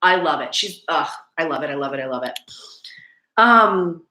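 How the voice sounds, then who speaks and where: A woman's voice: low-pitched, expressive, normal speed, sharp tone, echoey room. A woman hosting a casual livestream, chatting and gushing with lots of "like" fillers.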